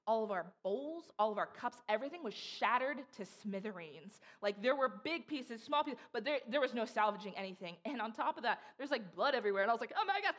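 A woman's voice: a little high, a bit bright. A young woman giving a casual, chatty sermon, acting out voices as she tells stories. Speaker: preacher.

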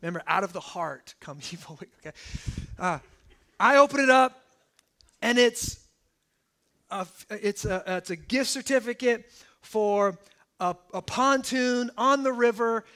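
A man in his thirties preaching a sermon in a church, telling personal stories in an animated way and often asking "okay?". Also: very high voice, measured pace, long pauses. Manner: animated storytelling, asides like "okay?". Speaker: pastor.

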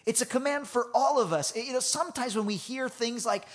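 A man preaching a sermon, telling a funny personal story in an animated way, laughing often and restarting his sentences. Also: very high voice, fairly quick, few pauses. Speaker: pastor.

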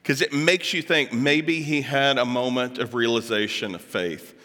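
A man with a bright, forceful voice talks to a live audience, cracking jokes and asking them questions. His words ring out with a long reverb from a large hall around him. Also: mid-range voice, moderate pace. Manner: chatty, joking asides, puts on voices for quotes. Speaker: speaker addressing an audience. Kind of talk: lively talk to a live audience.

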